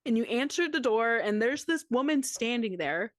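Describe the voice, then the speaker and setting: A woman co-host tells a story in relaxed, slangy chat, slipping into quick acted-out quotes. Her voice sits a little high. The sound is close and dry with no room around it. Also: dry recording. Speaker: podcast co-host. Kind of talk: casual recap chat.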